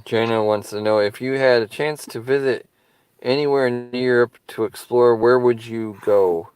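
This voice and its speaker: A man's voice: mid-range voice, fairly even intonation, normal speed, darkish tone, clean tone, no room sound. Dry-sounding man hosting a casual interview. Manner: asks questions, reads out viewer questions.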